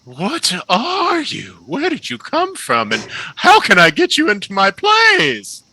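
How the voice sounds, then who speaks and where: A man voicing a flamboyant, excitable male halfling who runs a theater, gushing and theatrical. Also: takes it slowly, exaggerated voice, poor audio. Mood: enthusiastic. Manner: gushing, theatrical, shrill exclamations.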